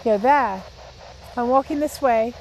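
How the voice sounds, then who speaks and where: Brief: paranormal investigator, woman with a high voice, softly coaxing questions, noisy outdoor cemetery recording. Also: a little slow, muffled recording. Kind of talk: spirit communication session.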